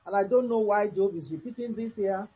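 A male preacher reading scripture aloud and expounding it, slow and declamatory, with sudden rises in pitch. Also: breathy edge. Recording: dull lo-fi recording.

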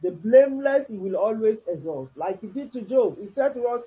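A male preacher reading scripture aloud and expounding it, slow and declamatory, with sudden rises in pitch. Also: expressive, slightly rough. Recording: dull lo-fi recording.

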